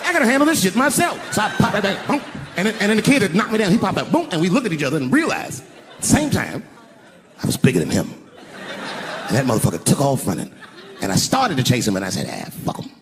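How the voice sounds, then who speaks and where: An older man tells a wild stand-up story into a handheld mic on a big arena stage, slipping into other people's voices as he goes. His pitch sits a little high and leaps around with energy. The live recording carries clear crowd noise behind him. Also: fast talker, long pauses. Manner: profane, animated, acts out voices in the story. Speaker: stand-up comedian. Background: audience laughter.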